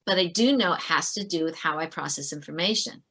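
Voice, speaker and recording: Speaking fairly quickly in a low-sitting voice, a former teacher in middle age shares stories during a podcast interview. Earnest and animated, she frequently starts her sentences over.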